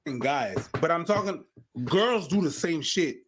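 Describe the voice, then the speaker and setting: A man's voice: on the high side, lively intonation, a little slow, noisy background. A man chatting casually and joking, putting on voices when he quotes people. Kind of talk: casual chat.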